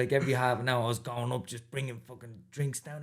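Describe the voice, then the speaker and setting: A man's voice: mid-range voice, level tone, fast, a bit bright. A man in his thirties with an Irish accent, a boxer as guest, telling stories in a casual interview and swearing freely. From Ireland. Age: 30s.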